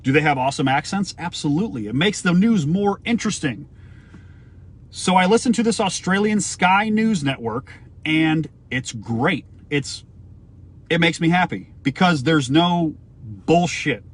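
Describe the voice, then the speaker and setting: A man's voice: on the high side, lively intonation, a little slow, slightly rough. A man from the United States giving an emphatic opinion rant to camera, firing off rhetorical questions and swearing now and then. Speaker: vlogger.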